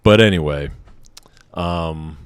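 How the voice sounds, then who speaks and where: A man in his thirties speaks to camera in a personal vlog, his voice sitting a little low. He talks candidly and haltingly, restarting and repeating himself as he goes. The sound is dry and close. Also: clear, resonant tone, no room sound. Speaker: vlogger.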